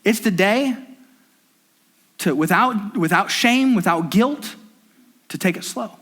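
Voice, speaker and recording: A man's voice: high-pitched, expressive, slow pace, fairly bright tone. A man in his thirties preaching a sermon as pastor, emphatic and repetitive, building intensity.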